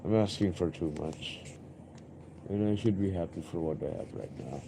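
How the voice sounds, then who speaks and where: A man's voice: sits low, moderate pace, vocal fry, background noise. A young man streaming live, rambling and musing aloud in an introspective way, often repeating himself.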